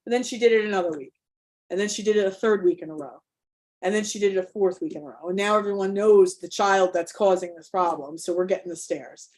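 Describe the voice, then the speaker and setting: Over a video call, a middle-aged parent coach leads an online workshop, sharing an emotional, candid personal story full of restarts. Her voice is medium-pitched and darkish, and she talks fast.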